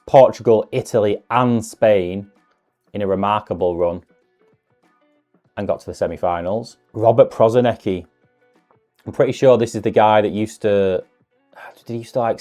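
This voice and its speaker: A man talks casually through an unboxing, his voice sitting fairly low. He muses aloud with self-deprecating asides as he goes. Soft music plays faintly underneath. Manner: chatty, musing asides with self-deprecating humour. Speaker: card-opening video host.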